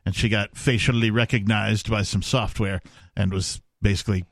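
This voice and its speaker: A man's voice: lowish voice, fairly even intonation, moderate pace, creaky, dry recording. A man hosting a casual talk radio show, chatting with fillers and asides. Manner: conversational, drawls with fillers. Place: radio studio.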